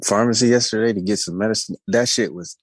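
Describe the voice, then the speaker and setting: A man co-hosting a podcast while sick and congested, making dry, deadpan asides. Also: lowish voice, fast, no room sound. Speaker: podcast co-host. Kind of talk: casual comedic chat.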